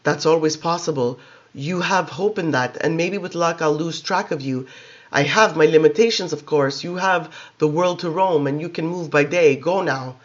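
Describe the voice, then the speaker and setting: A man reading aloud, voicing an ancient male vampire in a young boy's form who speaks slowly, gently and with contempt. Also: on the high side, muffled recording, lightly acted. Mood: coolly curious.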